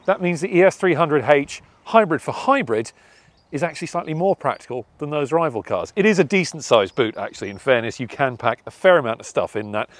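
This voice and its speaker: A young adult man, presenting a car review from inside a car, measured and conversational as he weighs pros and cons. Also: medium pitch, dry recording. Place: inside a car, partly while driving.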